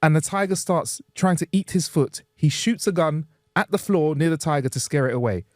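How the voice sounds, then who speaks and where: A man co-hosting a podcast in casual chat, animated and jokey, laughing often and using slang. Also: on the high side, fairly quick, no echo, studio quality. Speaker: podcast co-host.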